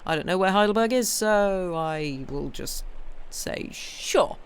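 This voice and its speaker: A woman's voice: on the low side, lively intonation, a little slow, clear, resonant tone. A woman who streams herself reading novels aloud, chatting casually and rambling, full of ums and restarts. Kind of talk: casual chat on a live stream.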